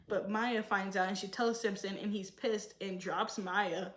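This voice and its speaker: A woman giving opinionated casual commentary and acting out quotes with animated emphasis. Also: medium pitch, unhurried, reverberant. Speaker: show commentator.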